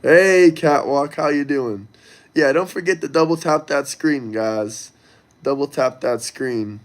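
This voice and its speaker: A man's voice: mid-range voice, unhurried. A man hosting a casual livestream, talking loosely and crudely straight to his viewers as he reads the chat. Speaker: livestream host reading chat.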